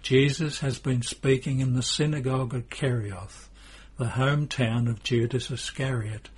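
A man narrating a story in a measured, plain reading style. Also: mid-range voice, steady tone, husky.

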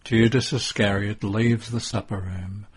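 A male narrator reads a devotional text in a measured, hushed way. His voice is low and a little husky, and he takes his time over each phrase. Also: steady tone.

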